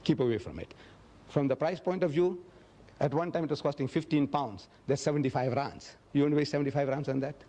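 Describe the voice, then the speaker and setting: A man lecturing in a fairly high voice, answering questions from the floor. He tells his stories emphatically, raising his voice to act out the quotes. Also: fairly quick, dark tone. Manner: emphatic, storytelling, acts out quotes with a raised voice. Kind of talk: public lecture Q&A. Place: lecture hall.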